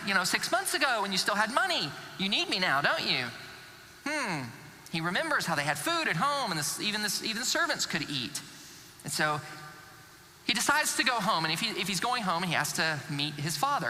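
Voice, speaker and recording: Animated pastor preaching in a reverberant church. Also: male voice, high-pitched. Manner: lively storytelling, acting out characters with sarcasm. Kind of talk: sermon. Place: church sanctuary.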